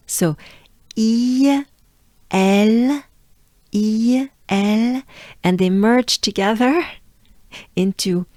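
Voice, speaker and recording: A woman from France with a French accent, coaching pronunciation by slowly repeating and exaggerating each sound. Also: on the low side, darkish tone, no room sound, studio quality. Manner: drills words slowly with exaggerated repetition. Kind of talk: slow pronunciation lesson.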